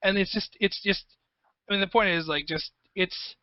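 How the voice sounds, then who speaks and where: Excitable high-voiced man, rambling. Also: moderate pace, no echo, lo-fi sound. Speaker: guest, video game composer. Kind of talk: casual interview chat.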